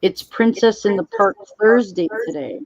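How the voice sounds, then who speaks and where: A woman's voice: medium pitch, fairly even intonation, moderate pace, a little mellow, no room sound, dull audio. A woman hosting a live stream, chatting casually and reading out viewer comments as they come in. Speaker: livestream host.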